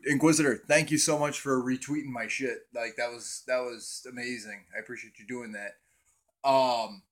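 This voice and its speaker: A young man hosting a casual livestream on his cell phone, rambling and swearing as he talks to viewers in chat. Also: mid-range voice. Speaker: livestream host.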